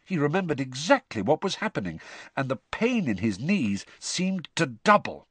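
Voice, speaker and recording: A man narrating an audiobook in an expressive storytelling manner. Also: on the high side, normal speed, husky, no room sound. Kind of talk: scripted narration.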